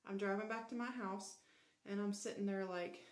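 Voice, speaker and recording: A woman telling her own story in a casual storytime monologue, candid and animated, acting out quoted dialogue with a Southern American way of speaking. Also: mid-range voice, normal speed.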